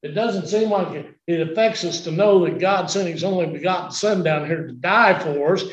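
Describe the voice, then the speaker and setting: A preacher in his sixties delivers an emotional sermon, his fairly high voice leaping from shouts to near-whispers. The recording is muffled and lo-fi. The church room around him rings with echo. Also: moderate pace. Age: 60s.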